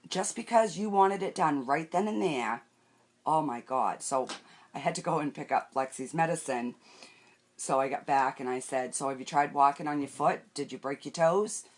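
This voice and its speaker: An older woman with a low, deep-set voice talks casually on a makeup live stream. She rambles about her day and greets viewers by name as they join. She keeps talking while she wipes her face and works on her makeup. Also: a little hiss or hum. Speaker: makeup vlogger.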